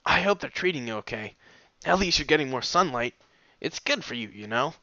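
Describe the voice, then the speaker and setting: A man voicing a grieving young female pegasus pony in a fan fiction reading, speaking quietly with a halting, breaking voice. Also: medium pitch, lively intonation, no echo, lo-fi sound, voice pushed up. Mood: grieving, tearful. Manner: quiet, halting, broken speech. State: tearful, voice cracking.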